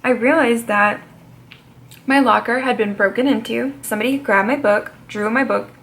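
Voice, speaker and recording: A woman in her twenties recounts a story to her camera in a loose, conversational vlog style. Her voice sits a little high and has a lot of vocal fry. She talks freely and drops swear words along the way. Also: fairly even intonation, normal speed, fairly bright tone. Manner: chatty, swears freely and laughs between lines. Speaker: vlogger.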